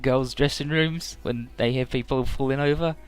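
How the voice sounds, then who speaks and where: A man putting on the voice of a shrill, angry teenage schoolgirl in a mocking dub of game scenes, scolding in rapid rants. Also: fairly even intonation, clean tone, faint music behind, close to an everyday voice. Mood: shrill, annoyed.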